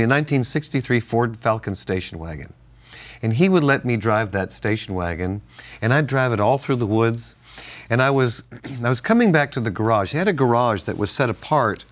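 An older man co-hosting a Christian talk program, telling stories animatedly and laughing often. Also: mid-range voice. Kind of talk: casual chat with storytelling.

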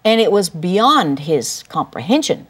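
An older woman giving a Christian teaching through a personal testimony, telling it emphatically with big swings up in pitch. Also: big pitch swings, measured pace, breathy edge. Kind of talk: testimony-style Bible teaching.

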